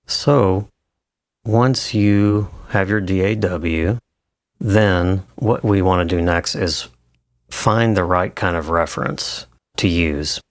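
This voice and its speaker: Low male voice, unhurried tutor, dry close-miked sound. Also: no echo. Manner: relaxed, hesitant with fillers and restarts. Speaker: audio engineer teaching. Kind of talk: screen-recorded tutorial.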